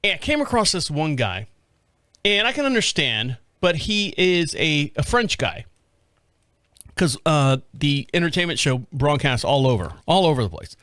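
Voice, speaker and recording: An American man hosts his own show and tells a long, rambling story in a casual monologue, restarting his sentences often and swearing now and then. His voice sits a little high for a man. The sound is close and dry, with no room around it. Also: normal speed, no echo. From United States. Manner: rambling, animated retelling with frequent restarts and laughs. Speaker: podcast host.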